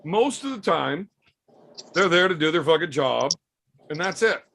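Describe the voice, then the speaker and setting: A man spins rough, profane stories in a relaxed podcast chat. His voice sits a little high and has a gravelly fry, and he slips into the voices of the people he describes. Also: a little slow. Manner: animated, acts out quoted voices. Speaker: podcast storyteller. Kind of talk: casual profane storytelling.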